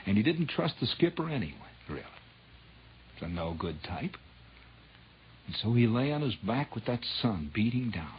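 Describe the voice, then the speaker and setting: A man telling a dramatic true story on old radio, dropping to hushed whispers and rising to loud swells. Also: lowish voice, a little hiss or hum. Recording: dull lo-fi 1960s radio recording.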